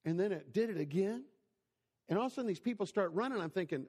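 A man's voice: high-pitched, lively intonation, quick pace, darkish tone, slightly rough. A man in his forties giving a conversational sermon, telling stories and asking the listeners questions. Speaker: preacher. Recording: long hall reverb.

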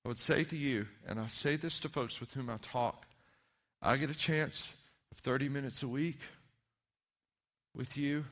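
A man preaching a sermon as pastor, earnest and emphatic at times, then quiet and personal. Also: mid-range voice, moderate pace, pauses often.

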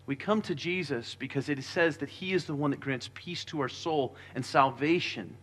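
A man delivering a sermon with a bright, forceful voice pitched a little high. He preaches earnestly and drops lower and softer when reading scripture. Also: moderate pace. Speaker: pastor.

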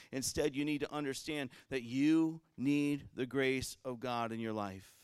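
A man preaching a sermon as pastor, swinging from loud fervent passages to quiet conversational ones. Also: mid-range voice, normal speed, hardly any pauses, clean tone, no room sound, clean studio sound.

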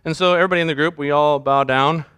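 A man's voice: a little high, steady tone, fast, a bit bright, clear, resonant tone. A man preaching a sermon as pastor, joking and mimicking how people pray.

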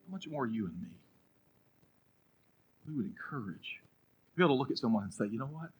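A man preaching a sermon as pastor, telling a story, then swinging between loud urging and a hushed, prayerful hush. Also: mid-range voice, big pitch swings, fairly quick, breathy edge, rough recording.

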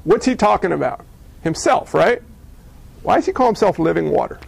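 A man's voice: high voice, very animated, moderate pace, vocal fry, husky. A man preaching a sermon, with rhetorical questions and jokes. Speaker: pastor.

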